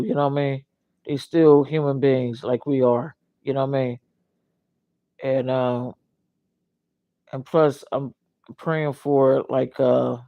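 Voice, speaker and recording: Older guy with a gravelly voice, rambly livestream talk, dry close sound, keeps saying you know what i mean. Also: mid-range voice, a little mellow, no echo, lo-fi sound. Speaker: livestream host.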